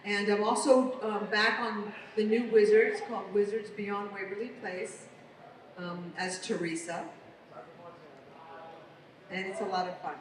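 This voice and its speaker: A woman's voice: medium pitch, measured pace, long pauses, a little hiss or hum. Chatty woman in an echoey hall. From United States. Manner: chatty, animated storyteller. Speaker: convention panel guest, voice actress. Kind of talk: casual panel Q&A. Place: large convention hall. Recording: echoey hall recorded from far off.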